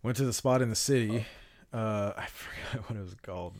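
Chill guy with a lowish voice rambling about food, dry close sound. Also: a little fast, darkish tone, no echo. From California. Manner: laid-back, rambling anecdotes. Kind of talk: casual chat.

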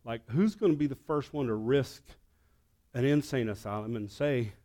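A man preaching as pastor of his church, telling a story, dropping to a hush and then rising to loud, excited peaks. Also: medium pitch, moderate pace. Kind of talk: sermon. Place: church sanctuary.

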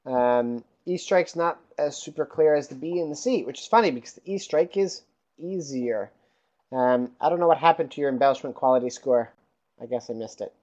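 A man with a dark, mellow voice gives dry, matter-of-fact scoring notes, pausing often on ums. The sound is a little dull and muffled, like a lo-fi line. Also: mid-range voice. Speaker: judge scoring bagpipe submissions. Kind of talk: casual chat with spoken feedback.

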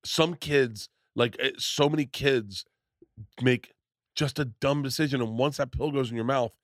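A middle-aged man as a podcast host in casual chat, telling rambling, animated stories with many restarts. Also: mid-range voice, a little slow, no room sound, clean studio sound.

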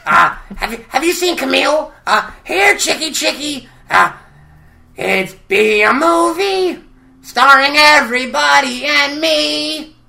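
A squeaky, excitable puppet weirdo stretching his words out slowly. Very high, bright and strained, he sounds like an odd cartoon creature. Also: creaky, exaggerated voice. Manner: high, drawn-out, strained delivery.

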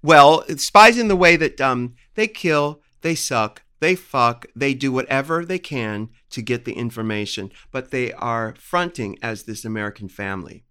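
A man's voice: mid-range voice, normal speed, few pauses, bright, forceful tone, smooth. A man co-hosting a podcast, gossiping casually about a TV show and swearing now and then. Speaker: podcast co-host. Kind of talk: casual chat.

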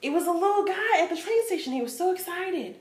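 A woman co-hosting a casual travel chat, telling stories with animation and acting out people in a high, excited voice. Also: quick pace, reverberant. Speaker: co-host.

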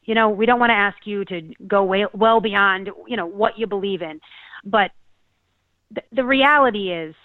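A woman from Connecticut co-hosting a talk show, speaking earnestly and haltingly with many restarts. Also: medium pitch, no echo. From Connecticut, USA. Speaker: podcast co-host. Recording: tinny phone-like dry sound.

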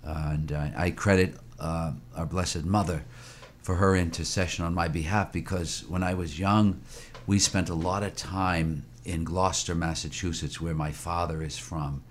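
Older priest, really low voice, lots of uh and restarts, bit of background hiss. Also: male voice, fairly even intonation. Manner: halting, with many fillers and restarts. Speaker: priest, interview guest. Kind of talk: reflective interview conversation.

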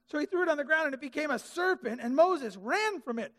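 A man preaching a sermon in a church hall, animated and comic, acting out the Bible characters in funny voices. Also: very high voice, a little fast. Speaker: pastor. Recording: hall reverb.

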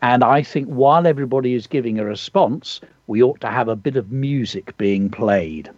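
A man leading a poetry workshop, encouraging and gently explaining as he introduces pupils' poems. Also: mid-range voice, normal speed, no room sound, lo-fi sound. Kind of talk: teaching and reading pupils' poems aloud.

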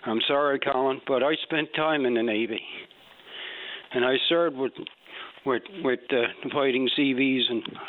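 Man calling in, brash, dismissive, rambling, mid-pitched, tinny phone line. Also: fairly even intonation, unhurried. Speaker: caller. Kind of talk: call-in radio opinion.

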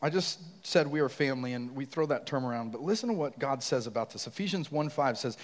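A man preaching a sermon, telling a personal story and asking the congregation questions in an animated way. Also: medium pitch, fast, hardly any pauses, big-room sound. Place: church sanctuary.

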